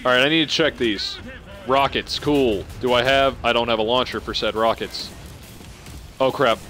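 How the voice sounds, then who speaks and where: A young man giving live commentary on a video game he is playing, excitable and swearing as he reacts out loud. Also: mid-range voice, normal speed, soft background music. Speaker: gameplay streamer. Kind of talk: live let's-play commentary.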